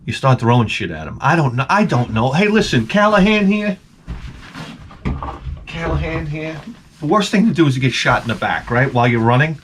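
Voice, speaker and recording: A man telling a comedic story in an animated rant, swearing and stammering through restarts. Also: medium pitch, quick pace, few pauses, slight background noise. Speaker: comedic vlogger.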